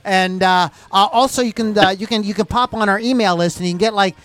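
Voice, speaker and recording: A man's voice: high voice, a little fast, fairly bright tone. A man hosting a rock podcast in a loose, rambling, jokey way. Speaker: podcast host. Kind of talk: casual chat.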